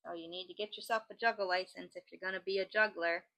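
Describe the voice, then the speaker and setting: A woman's voice: fairly low pitch, fairly even intonation, fast, background noise. A woman hosting a crafting channel, chatting casually and joking as she reads out odd laws. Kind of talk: casual chat while crafting.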